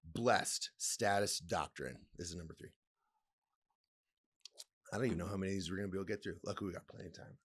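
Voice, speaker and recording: A male podcast host with a somewhat low voice talks on his own, reading a text aloud and riffing on it. He laughs a lot, swears casually and rambles in a playful way. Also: fast talker, long pauses, breathy edge. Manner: laughs often, swears, reads aloud and comments. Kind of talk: casual solo podcast talk.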